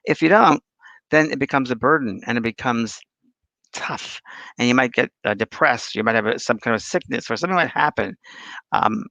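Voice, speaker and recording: A man's voice: mid-range voice, moderate pace, pushed and bright, no echo. A man hosting a casual spiritual talk show, rambling through anecdotes and viewer questions. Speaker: spiritual medium and host. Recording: dull lo-fi dry sound.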